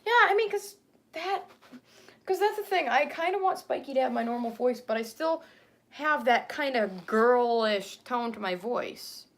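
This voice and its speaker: A woman's voice: fairly high pitch, animated, moderate pace. A young woman chatting casually on a livestream about her character, rambling with many fillers and restarts.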